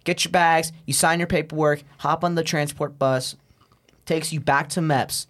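A man's voice: on the high side, fairly even intonation, moderate pace, fairly bright tone. A young adult man telling a story as a podcast guest, profane and slangy, laughing at his own tale and saying "bro" a lot. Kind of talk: casual storytelling.

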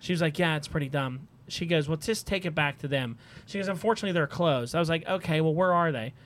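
Podcast host, male, slightly high voice, loose and chatty storyteller. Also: quick pace, a little hiss or hum. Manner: storytelling, laughs often. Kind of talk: casual chat.

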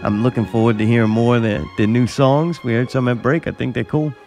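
A man's voice: mid-range voice, fairly even intonation, brisk, darkish tone, faint music behind. A man hosting a casual chat, riffing in an exaggerated way and swearing often. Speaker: podcast host. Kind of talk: casual profane banter.

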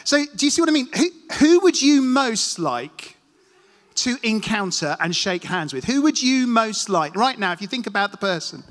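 Chatty male preacher with a high voice. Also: big pitch swings, moderate pace, a bit bright. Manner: chatty, self-deprecating storyteller, talks to the congregation. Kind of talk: casual sermon with anecdotes. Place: church hall. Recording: long hall reverb.

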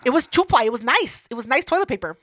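A woman's voice: sits high, sing-song, fast talker, a bit bright, no echo. A woman hosting a podcast in casual chat, telling a party story with lots of swearing and acting out other people's lines. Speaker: podcast host.

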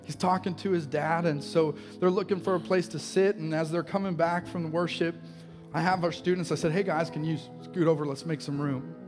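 A man's voice: fairly high pitch, fairly even intonation, fairly quick, big-room sound. Passionate preacher man over music. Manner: passionate storytelling preacher, rising to shouts. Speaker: pastor. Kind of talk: sermon. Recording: live sermon with music playing.

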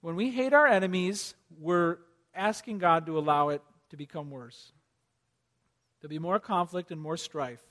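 A man preaching to his congregation in a high, light voice. He moves from loud, urgent appeals down to hushed, near-whispered lines, and he keeps asking his listeners question after question. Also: moderate pace. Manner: asks the congregation repeated questions. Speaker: pastor. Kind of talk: sermon.

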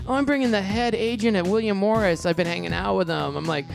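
Fast-talking middle-aged man, animated storyteller. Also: sits high, vocal fry, faint music behind. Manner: animated, quick storyteller who acts out quotes in a raised voice. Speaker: comedian and show producer, guest. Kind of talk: casual storytelling in a podcast interview.

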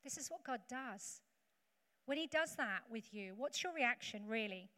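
Unhurried and expressive, a woman preacher shares a conversational sermon with humorous asides to her congregation in a church hall. Her voice is fairly high and a bit bright, captured in an echoey hall with faint background noise.

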